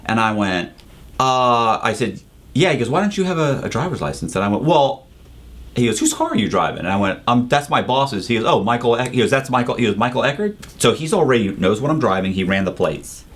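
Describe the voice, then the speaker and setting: A husky-voiced man in casual conversation, narrating a story with lots of energy and profanity. He slips into other people's voices as he quotes them and keeps calling his listener "bro." His pitch sits at an ordinary middle level for a man. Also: animated, a little fast, fairly bright tone. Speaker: interview guest, former con man.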